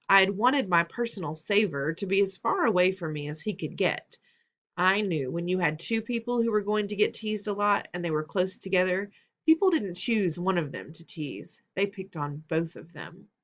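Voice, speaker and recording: A woman narrating a children's novel as an expressive audiobook reader. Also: fairly low pitch.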